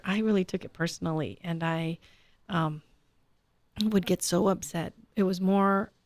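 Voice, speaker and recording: A woman in her fifties, co-host or guest on a conversational radio talk show, speaks reflectively and with self-deprecation, laughing often and restarting hesitantly. Her voice is lowish and gravelly, and the recording is dry.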